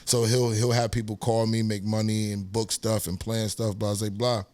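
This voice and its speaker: Speaking at a moderate pace in a lowish voice, this New Yorker, accent and all, tells stories as a podcast guest in a casual interview. He's animated and profane, raising his voice to act out other people's quotes.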